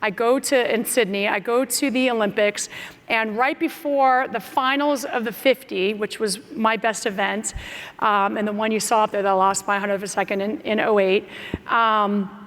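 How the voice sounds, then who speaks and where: A woman's voice: medium pitch, moderate pace. American woman telling stories in an echoing hall. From United States. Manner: lively storyteller who acts out her own and others' lines. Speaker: keynote speaker. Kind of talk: motivational storytelling speech. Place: large conference hall. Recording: long reverb in a large hall.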